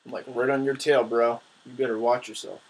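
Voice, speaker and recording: A young man giving casual, excitable commentary on his own gameplay, trash-talking his opponents. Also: mid-range voice, brisk, a little hiss or hum, low-quality recording.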